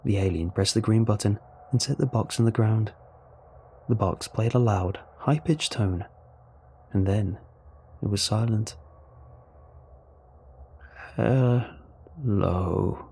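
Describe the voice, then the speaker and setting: A man narrating a first-person story in a measured, even storytelling voice. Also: lowish voice, slight background noise.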